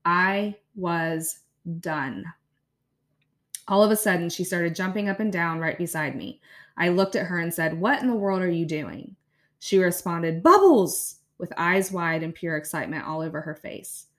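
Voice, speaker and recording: She hosts a podcast, is in her thirties, and speaks at a normal speed with a voice on the low side, chatting easily and laughing softly while she reads her own blog.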